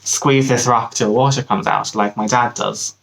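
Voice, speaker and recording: A man's voice: medium pitch, steady tone, measured pace, vocal fry, a bit bright, rough recording. A man with an Irish accent voicing a cheeky giant-hero posing as a baby and challenging a rival.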